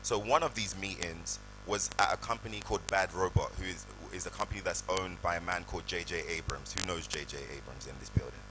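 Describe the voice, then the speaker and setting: In a live event hall, a British male guest actor tells lively stories to the audience on stage, acting out voices. He speaks low, fairly quick, with few pauses, against background noise.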